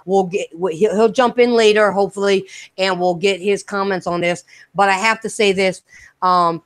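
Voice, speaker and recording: A woman with an Irish accent hosting a live gaming podcast, brash and excitable, swearing freely as she talks. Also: medium pitch, normal speed, no echo. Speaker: podcast host.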